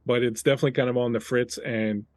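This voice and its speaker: A man's voice: medium pitch, steady tone, quick pace, darkish tone, no echo. A man whose first language is French, running a tabletop game in a loose, chatty way with many fillers. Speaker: game master.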